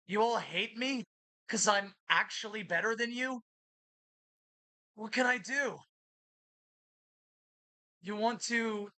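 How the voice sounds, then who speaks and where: A woman's voice: medium pitch, bright, forceful tone, dry recording, rough recording. A woman vlogger in an agitated, accusatory monologue that keeps repeating itself. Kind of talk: ranting monologue to camera.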